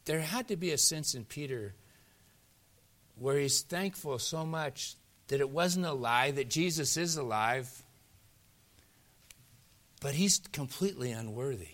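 A male pastor preaching a sermon, retelling scripture stories with animated emphasis, swinging from loud, driving lines to soft, hushed ones. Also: medium pitch, measured pace, pauses often.

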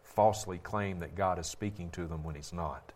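A male Bible teacher delivers sermon-style commentary with a critical edge, pressing his points forcefully and repeating them for emphasis. His voice is low and his pace normal, with slight background noise behind him.

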